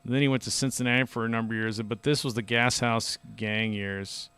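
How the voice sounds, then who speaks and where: A man's voice: medium pitch, fairly even intonation, fairly quick, pushed and bright, smooth. A man hosting a podcast, telling stories in a loose, rambling, chatty way. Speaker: podcast host. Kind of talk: casual podcast chat.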